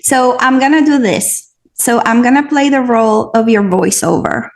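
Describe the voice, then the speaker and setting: A woman's voice: a little high, moderate pace. A woman host with an accent, chatting and then reading a post aloud earnestly. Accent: non-native English accent. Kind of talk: casual chat and reading aloud.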